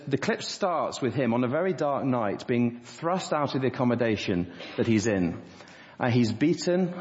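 Man preaching in an echoing church. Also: a little mellow. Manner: earnest preaching, voicing quoted speech with rising pitch. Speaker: pastor. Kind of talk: sermon. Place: church hall. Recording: dull reverberant church recording.

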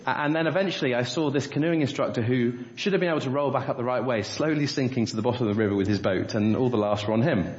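A man's voice: medium pitch, quick pace, hardly any pauses. A man preaching a sermon, telling a story and then asking the congregation rhetorical questions. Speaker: pastor. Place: church. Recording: roomy, dull church recording.

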